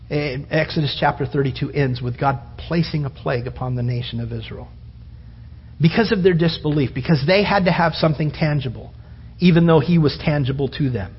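A man's voice: a little high, husky. A man preaching a sermon in an earnest way, often restarting his phrases and speaking prayers aloud. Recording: dull lo-fi sound with long hall reverb.

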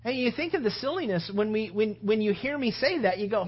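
A man preaching a sermon in a conversational, animated way, retelling a story and acting out its scenes. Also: high-pitched, brisk, slightly rough, muffled recording.

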